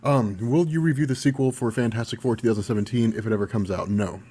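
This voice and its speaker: Young man, mellow warm tone, casual live stream chat, laughs often. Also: mid-range voice, quick pace, slightly rough. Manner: chatty, laughs often, reads chat questions aloud. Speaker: comics channel host.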